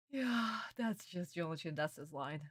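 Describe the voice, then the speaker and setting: Excitable young woman streamer, low voice. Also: slightly rough, no echo, clean studio sound. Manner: excitable, laughing often, swearing casually. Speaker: streamer reacting to an anime. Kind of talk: casual reaction commentary.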